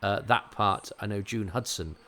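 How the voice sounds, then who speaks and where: A man with a crisp English RP accent talks over what he is watching, slightly low-pitched and unhurried. He ambles from point to point in a chatty, digressive way and often pokes fun at himself as host of the show. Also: sharp tone. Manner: chatty, digressive, self-mocking. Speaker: podcast host. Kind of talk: watch-along commentary.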